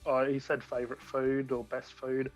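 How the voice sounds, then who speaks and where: A man's voice: mid-range voice, completely flat delivery, normal speed, faint music behind. A man as a guest in a casual chat, talking enthusiastically and rambling with frequent restarts. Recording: dull lo-fi audio.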